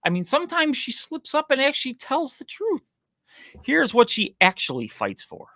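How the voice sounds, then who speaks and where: A man hosting political commentary, his pitch swinging all over the place as he mocks and needles. The sound is dry and close, with no room in it. His delivery is sarcastic and casual. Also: normal speed, dry recording. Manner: mocking, sarcastic, animated.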